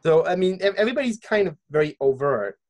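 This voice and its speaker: A man's voice: a little high, big pitch swings, fast. A man hosting a podcast in casual chat, thinking aloud and hedging as he goes. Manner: chatty, thinking aloud with hedges. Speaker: podcast host.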